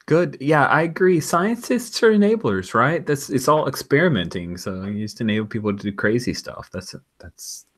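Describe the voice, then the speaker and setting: A man's voice: medium pitch, sing-song, moderate pace, hardly any pauses. A man as game master, chatting casually after a tabletop session and handing out praise to his players. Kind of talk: casual post-game chat.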